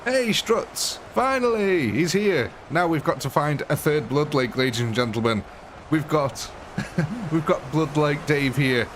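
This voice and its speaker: A young English man hosting a live game stream, excitable and chatty, laughing often and calling his viewers ladies and gentlemen. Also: a little high, unhurried, slight background noise. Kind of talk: casual live gaming commentary.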